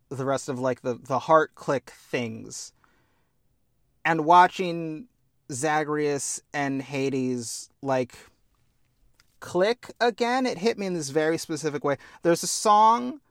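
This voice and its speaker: A man's voice: fairly high pitch, no echo, studio quality. A man casually chatting about a video game on a podcast, earnest and heartfelt, with a self-deprecating sense of humor. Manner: earnest, heartfelt, animated storytelling. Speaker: podcast co-host.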